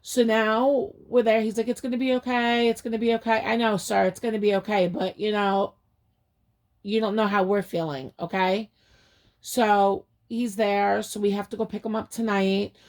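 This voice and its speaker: A woman's voice: medium pitch, steady tone, measured pace, a little mellow. A woman vlogger anxiously retelling conversations in a personal update, sounding overwhelmed.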